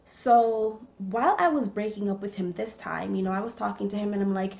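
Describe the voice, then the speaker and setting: A young woman telling a personal story to the camera in a casual, animated way, with lots of fillers. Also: mid-range voice, fairly quick, creaky. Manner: animated, chatty, many fillers. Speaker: vlogger.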